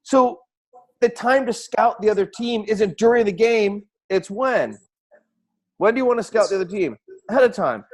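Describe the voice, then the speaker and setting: A man with a fairly high voice coaches over a video call. He is excitable and keeps hammering the same rhetorical questions in an energetic live-stream style. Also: moderate pace. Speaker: host and speaking coach.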